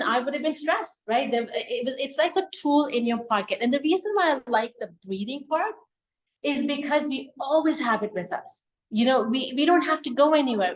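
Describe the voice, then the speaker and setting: Woman presenter, slightly higher pitch, friendly explainer to a live audience. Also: low-quality recording. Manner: explains with questions and frequent "right?". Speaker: wellness presenter. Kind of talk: live health talk to an audience.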